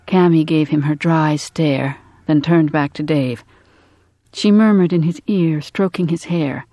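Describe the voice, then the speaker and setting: An audiobook narrator reading a story in a measured, even way. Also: mid-range voice, no echo. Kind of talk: scripted narration.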